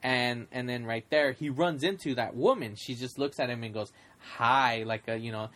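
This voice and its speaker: A man in casual movie chat, rambling with many fillers and acting out scenes in quick put-on voices. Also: mid-range voice, a bit bright.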